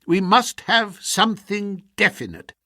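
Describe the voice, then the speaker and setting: A man's voice: high-pitched, a little slow, no room sound, clean studio sound, voice pushed up, full character voice. A man doing an agitated, insistent minister. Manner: excited, insistent. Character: agitated male government minister.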